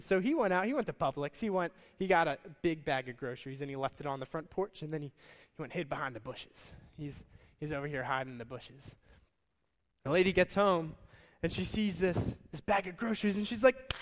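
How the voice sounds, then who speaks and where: Male pastor, high-pitched, chatty and energetic, live sermon with long hall reverb. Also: brisk. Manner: energetic, conversational, addresses crowd as guys. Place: church service with stage and band.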